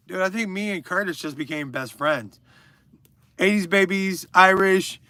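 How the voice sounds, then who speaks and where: A man's voice: high-pitched, unhurried, bright, forceful tone, dry recording. A man in his thirties hosting a livestream, casually reading viewer comments and answering them with crude, rambling jokes. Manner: joking, crude and rambling, addressing viewers by name. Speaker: livestream host.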